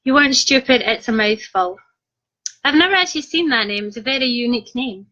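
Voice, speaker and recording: On a live stream, this author from Scotland reads viewers' comments aloud and cracks jokey asides in a relaxed chat. Her voice is a little high, expressive, brisk and sharp in tone. The sound is lo-fi and a bit muffled.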